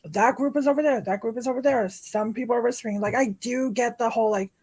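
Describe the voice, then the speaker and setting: A woman co-hosting a podcast, chatting in a relaxed way with many filler words. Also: on the high side, fast, slightly rough. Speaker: podcast co-host. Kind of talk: casual chat.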